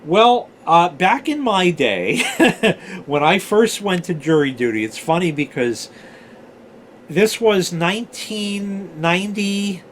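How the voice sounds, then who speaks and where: A man's voice: high-pitched, expressive, takes it slowly, slight background noise. A man in his forties telling old stories in a casual, rambling way, swearing freely and drifting off on side tangents. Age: 40s. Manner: chatty, swears freely, digresses. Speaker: storyteller host.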